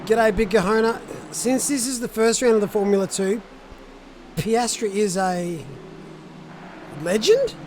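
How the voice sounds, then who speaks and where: A man's voice: high voice, steady tone, moderate pace, darkish tone, a little hiss or hum. A man giving casual live sim racing commentary, chatting to viewers and answering their messages.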